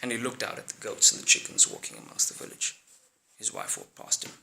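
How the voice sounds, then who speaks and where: A man telling a story with a casual, slangy flair that turns dramatic. His voice is bright and gravelly, sitting a touch high. The pitch swings widely. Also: huge pitch swings, brisk, a little hiss or hum.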